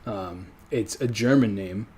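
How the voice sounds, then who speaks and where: This streamer from a French-speaking country has a lowish, darkish voice with a breathy edge and a measured pace. Chatting casually on a livestream, he rambles, corrects himself along the way, and chuckles frequently.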